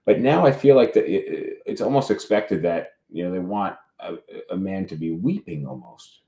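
A man's voice: low voice, moderate pace, gravelly, mellow. A man co-hosting a casual podcast chat, talking hesitantly with many restarts and fillers. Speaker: podcast co-host. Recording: roomy echo.

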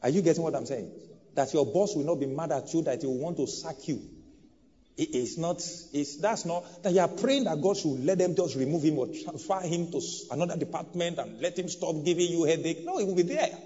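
A man, a pastor preaching a sermon to a congregation in a church hall, with big swings in volume and emphasis. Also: fairly quick. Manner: preaching with bold swings of pitch and loudness. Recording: dull sound with long hall reverb.

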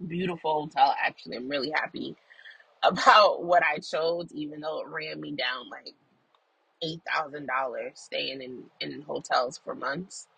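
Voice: mid-range voice, steady tone, unhurried, vocal fry, bright, forceful tone, slightly rough, dry recording, poor audio. A person recording a casual audio journal in a car while driving, telling a story in an emphatic, profane way. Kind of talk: casual venting monologue.

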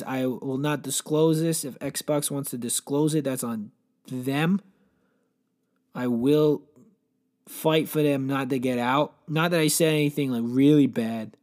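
A brash man with a slightly high voice rants through a crude comic story, swearing constantly. He rambles from one gripe to the next in a loose podcast style. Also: steady tone, unhurried, a little mellow. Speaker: comedy podcast host. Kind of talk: crude comedic rant.

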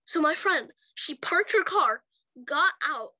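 A woman's voice: sits high, expressive, takes it slowly, bright, forceful tone, no echo. A young woman in casual chat, rambling and laughing often as she acts out quotes from her stories. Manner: giggly, rambling storyteller who acts out quotes. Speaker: chat partner.

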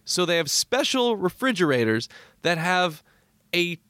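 A man talking as a guest on a podcast, telling stories in a lively, joking way with quick asides. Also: high-pitched, clear, resonant tone, dry recording. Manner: animated storyteller, jokey asides. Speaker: comedy producer, guest. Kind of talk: casual podcast chat.

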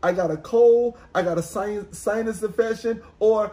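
A man's voice: high voice, normal speed, dark tone. A young man with a congested, nasal-sounding voice, chatting on a podcast and telling stories with lots of restarts. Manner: storytelling with many restarts, acting out callers. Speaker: podcast co-host. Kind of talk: casual chat.

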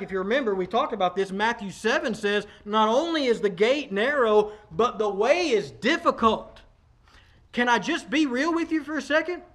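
A man's voice: sits high, a bit bright. A man, preaching a sermon in a conversational, emphatic way, talking straight to the congregation. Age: 40s. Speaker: pastor.

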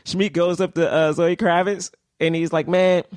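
A man co-hosting a podcast, excitedly quoting film lines in casual chat. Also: on the high side, moderate pace, no room sound. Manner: excited, quotes lines, laughs. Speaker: podcast co-host.

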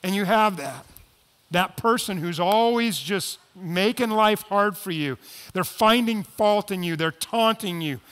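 Guy with a high voice preaching, goes quiet then gets loud and pleading, big hall echo. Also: unhurried. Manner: swings from quiet asides to loud emphatic pleading. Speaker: pastor. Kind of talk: sermon. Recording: long hall reverb.

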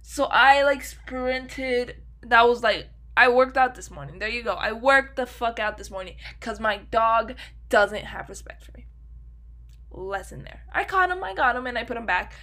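A woman's voice: a little high, moderate pace. A young woman telling a story in a casual solo podcast, swearing freely and cutting herself off. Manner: swears freely, animated, self-interrupting. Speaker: podcast host.

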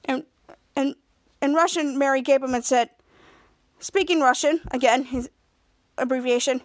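A woman's voice: sits high, fairly even intonation. A woman podcast host recapping a TV episode scene by scene, stumbling through restarts and half-finished words as she goes. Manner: halting retelling with frequent restarts and cut-off words.

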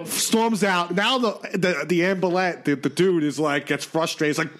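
A man with a fairly high voice tells a long story in casual podcast chat. He rambles, restarts his sentences and swears freely, jumping into the voices of the people he describes. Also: normal speed, few pauses, a bit bright. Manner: rambling, profane storytelling with lots of restarts and acted-out quotes.

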